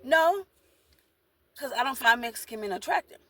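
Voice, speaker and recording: A woman's voice: fairly high pitch, animated, normal speed, fairly bright tone, no room sound. A woman vlogging in a casual monologue, talking bluntly and rambling, repeating herself while she eats. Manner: talks while eating.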